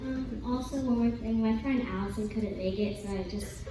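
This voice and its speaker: A woman's voice: on the high side, normal speed, warm tone. Shy female fan in an echoing hall. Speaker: fan asking a question. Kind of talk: audience question at a panel. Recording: echoey hall, voice from far off, background noise.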